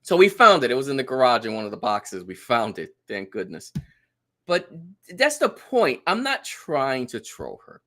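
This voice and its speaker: A man's voice: medium pitch, normal speed. Guy in his 30s on a podcast, voice jumps all over the place, acts out everybody's lines. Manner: animated storyteller, acts out quotes. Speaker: podcast guest. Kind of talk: casual chat.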